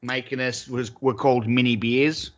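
A man's voice: mid-range voice, little pitch movement, normal speed, lo-fi sound. Sweary Australian man telling a rambling story. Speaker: podcast co-host. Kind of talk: casual chat.

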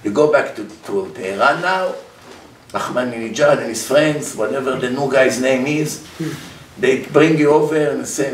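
A man giving an animated religious lecture, acting out dialogues and dropping verb endings, recorded from a distance in a roomy space with faint noise. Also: mid-range voice, normal speed. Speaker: religious teacher. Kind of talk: Torah class lecture.

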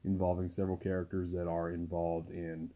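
A man hosting a movie podcast, speaking quietly and carefully close to the mic at home, his voice worn from a recent illness. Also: sits low, monotone, brisk, muffled recording. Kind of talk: casual podcast talk. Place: small home recording room. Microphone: close to the microphone.

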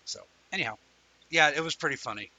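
A man's voice: a little high, lively intonation, fast, pushed and bright, poor audio. A man hosting a live online talk show, chatting in a rambling way and telling stories animatedly to viewers he greets by name. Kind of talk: casual livestream chat.

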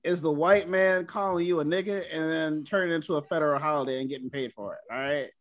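A man's voice: fairly high pitch, steady tone, fast talker. A man in a casual podcast chat, talking bluntly and crudely with plenty of swearing.

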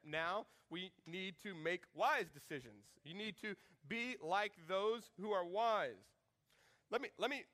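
With a fairly high voice, a thirty-something pastor preaches animatedly, cracking jokes. He performs quoted lines in a range of shifting voices.

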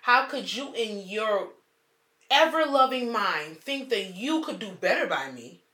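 A woman co-hosting a casual podcast, talking bluntly and profanely with emphatic, drawn-out phrasing. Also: mid-range voice, sing-song, sharp tone, roomy sound. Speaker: podcast co-host.

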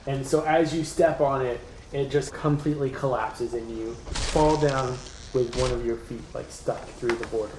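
Relaxed male game master, echoey room. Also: mid-range voice, normal speed, background noise. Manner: relaxed, describing scenes with many fillers. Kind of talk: narrating a tabletop game.

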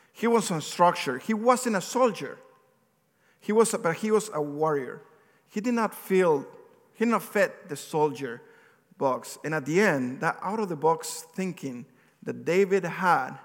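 Preacher man, fairly high voice, lively storytelling sermon, long hall reverb. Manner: animated storytelling, acts out quotes, some slips and restarts. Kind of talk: sermon retelling a Bible story.

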